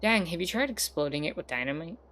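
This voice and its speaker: A woman voicing a curious frog detective who asks quick questions. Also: low voice, lively intonation, a bit bright.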